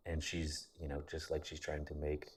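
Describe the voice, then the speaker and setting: A man with a very deep, husky voice talks in a flat, even tone through a casual vlog monologue. He rambles candidly, restarting his sentences and swearing casually. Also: moderate pace. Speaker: vlogger.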